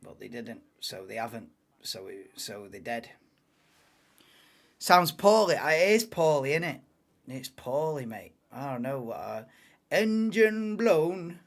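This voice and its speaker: A man's voice: mid-range voice, expressive, unhurried, creaky. A man hosting a live watchalong, casual banter-heavy commentary that swears and laughs at his own jokes.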